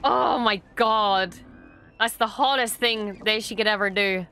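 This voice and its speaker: Young Irish woman, reaction vlogger, excitable and sweary, bright tense tone, faint music behind. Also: medium pitch, a little slow. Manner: excitable, gushing, swears freely. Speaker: reaction video host. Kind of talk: casual reaction commentary.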